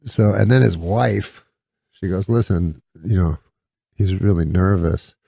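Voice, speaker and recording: A man, a guest comedian, telling rambling anecdotes in a deadpan way in an interview. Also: low voice, unhurried, vocal fry, husky, no echo.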